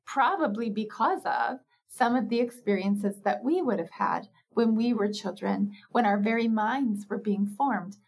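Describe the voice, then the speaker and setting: Gravelly, husky woman explaining parenting. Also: a little high, lively intonation, measured pace, few pauses. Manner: reflective, acts out parent dialogues, laughs often. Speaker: parenting expert guest. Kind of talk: explanatory interview talk.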